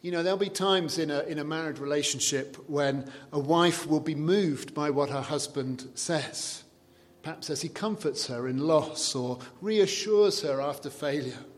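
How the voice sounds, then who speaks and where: A man preaching a sermon in a conversational way, dropping soft and low to quote scripture. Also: moderate pace. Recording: long reverb of a large hall.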